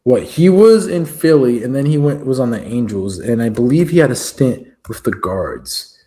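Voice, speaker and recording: A man's voice: medium pitch, lively intonation, moderate pace, dark tone. A man co-hosting a sports podcast in casual chat, joking and rambling with fillers. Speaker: podcast co-host.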